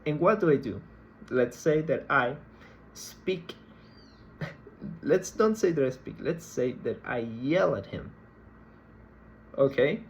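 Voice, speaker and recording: A male lecturer explaining a concept in a recorded class, speaking in a slow, measured way and often repeating himself mid-sentence. His pitch sits in an ordinary middle range. Faint ambient noise hums behind him. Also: expressive, gravelly, low-quality recording. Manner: slow, deliberate, repeats words while explaining. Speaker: university lecturer.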